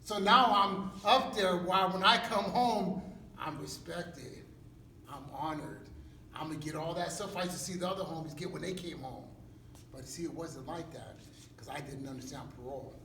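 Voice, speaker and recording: A man's voice: a little high, normal speed, a little hiss or hum. A man, a pastor telling a dramatic personal testimony in street slang. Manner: animated storytelling in street slang. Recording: echoey hall from far off.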